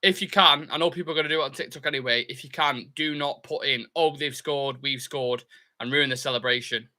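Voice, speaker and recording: A young man with a mid-range voice speaks briskly while hosting a live football watchalong. As a fan channel host he chats easily, reads comments from viewers aloud, and gets excitable cheering for his team.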